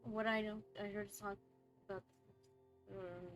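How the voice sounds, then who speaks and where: A woman streamer reading game dialogue and journal entries aloud, halting and often correcting herself mid-word. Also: mid-range voice, level tone, highs cut off, soft background music. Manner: halting read-aloud with frequent self-corrections.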